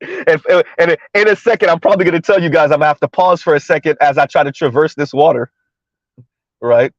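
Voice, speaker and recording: A man with a fairly high voice chats casually to his viewers from the driver's seat, repeating his points and laughing between them. The sound is dry and close, with a dull, muffled lo-fi edge. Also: brisk, dry recording. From South Florida. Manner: chatty, talks to viewers, repeats himself, laughs often. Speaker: commentary vlogger. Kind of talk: casual commentary while driving. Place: in a car driving through floodwater.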